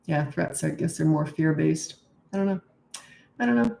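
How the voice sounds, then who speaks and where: A woman's voice: low-pitched, normal speed, creaky, mellow, slight background noise. A middle-aged woman parenting coach giving blunt, emphatic advice in a live question-and-answer talk, acting out what she says to children, sounding tired. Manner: blunt, emphatic, acts out her own replies to kids. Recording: echoey room.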